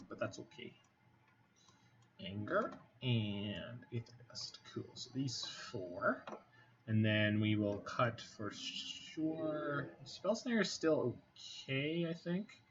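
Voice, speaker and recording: A man talks his way through a card game, weighing plays aloud and muttering asides to himself in a wry, easy tone. His voice sits at a middling pitch and comes through a slightly dull, lo-fi mic. Faint clicking and low noise run underneath. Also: slow pace. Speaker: game streamer. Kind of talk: casual commentary over a card game.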